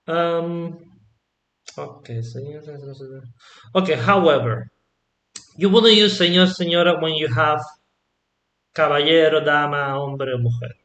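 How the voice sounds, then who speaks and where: A man gives an unhurried language lesson in a fairly high voice, pausing often to check that his listener is following. His voice rings in a noticeably echoey room. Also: fairly bright tone. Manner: slow, patient explaining with frequent um and yeah?. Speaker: Spanish teacher.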